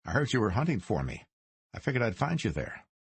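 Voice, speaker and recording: A man's voice: on the low side, very animated, quick pace, breathy edge, no echo, voice pushed up, full character voice. A man voicing a hard-bitten, provocative investigator who talks curt and sardonic in an audiobook. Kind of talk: audiobook character reading.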